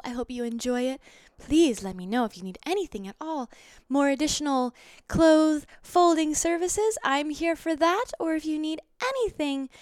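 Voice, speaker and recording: A woman's voice: high-pitched, darkish tone, dry recording, clean studio sound, pitched above the performer's own voice. Woman putting on a flirty little hotel maid.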